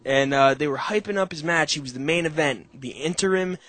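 A young man hosting a podcast on a call, telling animated, profane stories in casual chat. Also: on the high side, brisk. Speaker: podcast host.

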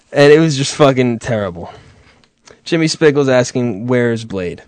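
A man's voice: mid-range voice, a little mellow, clean tone, no room sound. Guy host rambling and swearing, laughing a bit, dry close sound, mid voice. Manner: profane, rambling, chuckling storyteller. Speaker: show host. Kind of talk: casual rambling monologue.

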